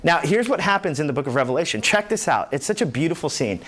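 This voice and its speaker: A man preaching a sermon as pastor, animated, acting out the voices in the scripture he tells. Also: a little high, fast talker. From New York.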